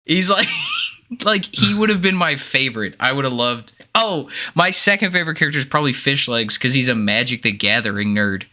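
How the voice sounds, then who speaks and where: A man co-hosting a casual podcast chat, crisp bright voice, quick to laugh and swear, animated delivery. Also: medium pitch. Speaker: podcast co-host.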